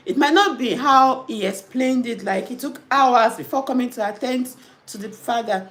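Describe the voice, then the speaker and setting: High-voiced Nigerian woman, chatty storyteller. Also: normal speed. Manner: animated storytelling, mixing in pidgin. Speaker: nurse and host. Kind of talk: casual chat reading comments.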